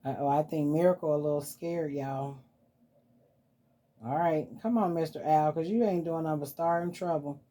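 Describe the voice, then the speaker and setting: A woman hosting a casual vlog, talking softly and playfully to her dolls as if they were children. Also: low voice, normal speed. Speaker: doll collector vlogger. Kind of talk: casual doll-play vlog.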